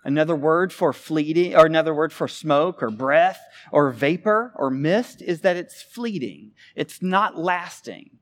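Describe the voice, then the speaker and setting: Man, pastor preaching a sermon, animated delivery, loud peaks and soft drops, voice a bit on the high side. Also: measured pace, hardly any pauses. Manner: animated preaching with big swings in loudness.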